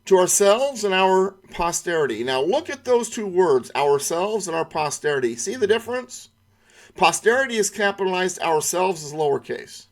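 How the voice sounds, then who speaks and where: A middle-aged man leads an online lesson. He talks emphatically, repeats key words and asks rhetorical questions. His voice sits a little higher than most men's. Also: big pitch swings, moderate pace. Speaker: constitution class instructor.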